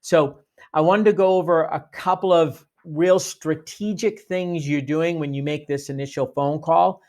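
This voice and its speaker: A man's voice: a little high, fairly even intonation, a little slow, darkish tone. A man giving a sales training talk, coaching listeners and acting out sample phone greetings. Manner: coaching, demonstrates phone lines.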